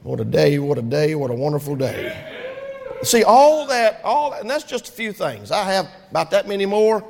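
Pastor, high-pitched, preaching in a reverberant church. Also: male voice, big pitch swings, moderate pace, creaky. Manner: preaching with rising shouts and call-and-response. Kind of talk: sermon. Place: church sanctuary. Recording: long hall reverb.

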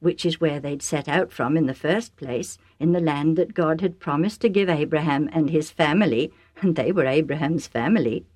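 A woman narrating a storybook for children, chatty and warm, with asides to the listener. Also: deep voice, moderate pace, no echo, studio quality.

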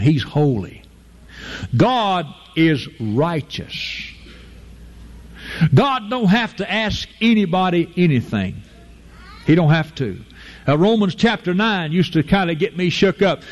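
A man preaching a fervent, folksy sermon, leaping to high emphatic peaks and slowing down to draw out key phrases. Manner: fervent, with sudden jumps to a high emphatic pitch and drawn-out slow phrases; folksy, informal grammar, addresses listeners as folk.

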